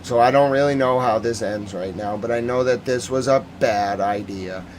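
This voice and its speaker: A man's voice: mid-range voice, moderate pace, slight background noise. A man hosting a live-stream news recap, ranting with heated emotion and answering viewer chat. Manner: reads viewer chat aloud. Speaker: host.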